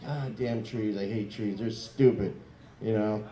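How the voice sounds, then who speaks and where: A man doing a crude, rambling stand-up comedy set in a comedy club, breaking into loud mock voices. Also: fairly low pitch, unhurried. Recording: echoey club room.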